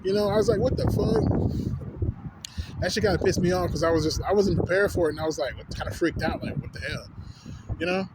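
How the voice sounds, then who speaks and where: A man's voice: high voice, steady tone, racing, few pauses, very noisy. A man from Texas ranting casually and profanely to the camera, full of slang fillers. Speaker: vlogger.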